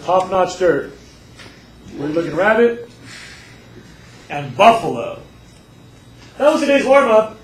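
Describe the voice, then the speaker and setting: High-voiced guy teacher lecturing a class, animated storyteller, echoey room with faint hiss. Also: slow pace, pauses often, far from the mic.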